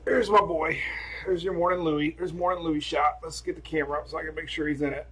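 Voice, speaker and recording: A man's voice: fairly high pitch, steady tone, fast talker, a bit bright, husky. A man hosting a casual weather live stream from home on his phone camera, rambling and chatty as he talks to viewers and his dogs.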